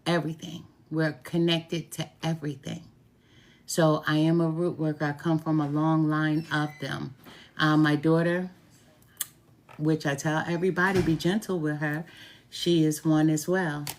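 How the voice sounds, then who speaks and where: A woman's voice: sits low, little pitch movement, unhurried. A middle-aged woman, a tarot reader and root worker, talking casually to camera, chatty and heartfelt, repeating her phrases for emphasis. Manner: heartfelt, openly grateful.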